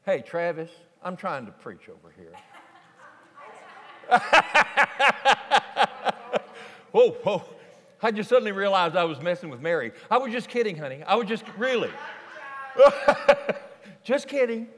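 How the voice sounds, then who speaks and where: A man preaching a folksy, animated sermon to a congregation in a large church sanctuary. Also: sits high, brisk. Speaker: pastor. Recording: long reverb of a large church hall.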